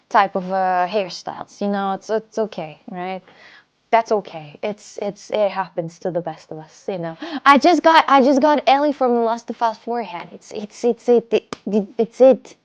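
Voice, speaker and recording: A woman's voice: a little high, darkish tone, highs cut off. A woman with a Russian accent chatting casually on a live stream from home, rambling and often stumbling over and repeating her words.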